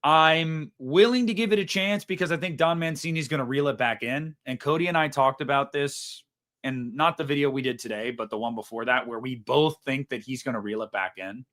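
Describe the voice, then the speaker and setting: A man's voice: medium pitch, a little fast, a bit bright. A young man hosting a casual live stream, reading super chats in a rambling, self-mocking way and swearing freely.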